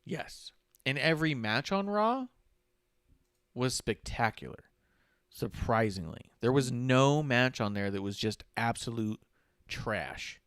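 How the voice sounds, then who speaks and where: This wrestling podcast co-host takes his time in a medium-pitched, clean voice, chatting casually about recent wrestling and animatedly mimicking wrestlers' quotes in exaggerated voices. It's studio-quality audio with no echo.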